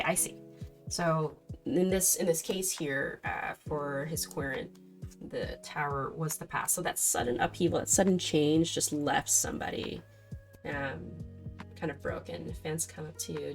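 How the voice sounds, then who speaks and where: A woman streaming a casual tarot study session, chatting warmly with her viewers and greeting them affectionately. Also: sits low, steady tone, normal speed, over music. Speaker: streamer reading tarot cards. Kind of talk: casual livestream chat.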